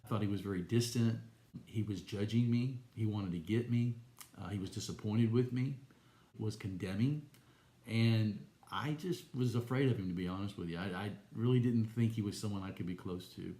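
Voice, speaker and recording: A man giving an earnest, gentle personal faith testimony to viewers. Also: on the low side, normal speed, reverberant. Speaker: Christian teacher.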